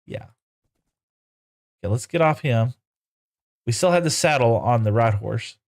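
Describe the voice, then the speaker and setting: A man's voice: medium pitch, animated, a little slow. Casual man streaming a game, chatty. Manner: rambling, talks to viewers and to game horses in broken baby talk. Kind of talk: casual live game commentary.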